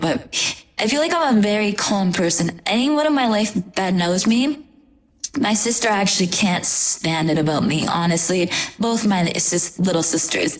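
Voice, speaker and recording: A young woman, a tarot reader, chatting casually and gushingly to her viewers, often trailing off and restarting. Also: mid-range voice. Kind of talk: casual chat to camera.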